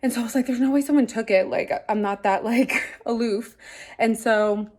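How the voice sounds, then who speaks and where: Speaking at a normal pace, this twenty-something vlogger has a somewhat high voice with a darkish tone. Breathless, she chats casually to camera, filling nearly every line with "like."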